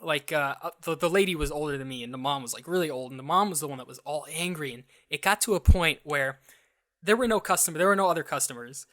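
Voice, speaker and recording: A young man co-hosting a podcast, telling a story in a casual, animated way and acting out the other people's lines. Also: on the high side. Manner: animated, acts out quoted dialogue; restarts and fillers, quick asides. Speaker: podcast co-host.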